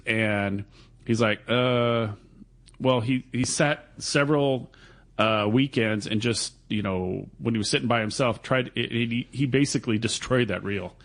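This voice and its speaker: A man guesting on a radio talk show, recounting a story at length in a relaxed, chatty way. His voice sits at an ordinary middle pitch, and he rambles through the tale with loose asides. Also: a little slow. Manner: chatty, long-winded storytelling. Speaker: guest reel builder. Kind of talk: casual radio interview.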